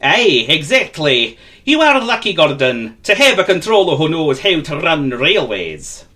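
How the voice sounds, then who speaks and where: A man's voice: on the high side, sing-song, unhurried, sharp tone, pitched above the performer's own voice, full character voice. A man voicing a proud, kindly old male express engine, talking in a hearty, confiding way.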